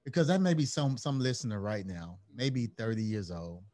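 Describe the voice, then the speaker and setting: A man's voice: lowish voice, very animated, normal speed, mellow, no room sound. A man hosting a podcast interview, asking reflective questions and exhorting listeners in a rousing, preacher-like way. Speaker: podcast host.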